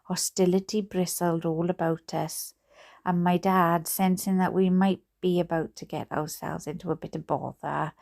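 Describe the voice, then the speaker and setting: A Welsh woman reads a bedtime story aloud in a lowish, gravelly voice. Her tone is mellow and dark, and she keeps breaking off for chatty asides, laughing at her own slips. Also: little pitch movement, moderate pace. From Wales. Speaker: storybook reader. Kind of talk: reading a book aloud at bedtime.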